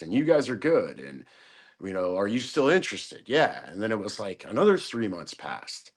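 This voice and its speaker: Lower-voiced man telling a profane story. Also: breathy edge. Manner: profane, acts out quoted voices. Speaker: podcast guest. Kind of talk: casual storytelling in a podcast interview.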